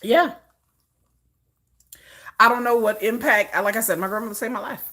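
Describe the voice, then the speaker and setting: A woman talking casually on a live stream and telling personal family stories in an animated way. She laughs often and repeats or restarts phrases as she talks. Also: fairly high pitch, normal speed.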